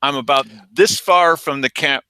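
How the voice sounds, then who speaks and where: A man's voice: on the high side, moderate pace, bright, forceful tone, clear, resonant tone, no echo. A man hosting a local news commentary show, talking casually and quoting people in mocking voices.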